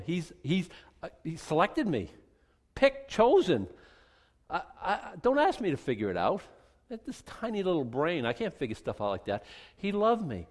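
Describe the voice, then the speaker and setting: A middle-aged male pastor preaching a lively, joking sermon and leading a prayer. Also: high voice, moderate pace. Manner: lively, joking, acts out little voices, leads a closing prayer.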